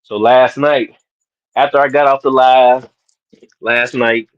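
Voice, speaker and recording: Slow-talking chatty man on a live stream. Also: mid-range voice, fairly even intonation, dry recording. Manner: chatty, laughs often, greets viewers by name. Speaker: livestream host. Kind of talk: casual live stream chat. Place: home garage. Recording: dull lo-fi stream audio.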